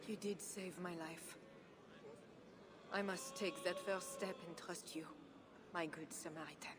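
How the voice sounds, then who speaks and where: A grave, devout queen from a game, voiced by a woman speaks in solemn, measured phrases. Her voice sits low for a woman. A steady hiss runs under the recording. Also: close to an everyday voice. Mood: grateful. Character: pious grave queen sheltering her people.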